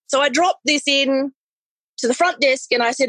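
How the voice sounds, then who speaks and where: A chatty woman, a balloon artist, telling a story casually with animated self-corrections. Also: high voice, a little fast, dry recording, rough recording.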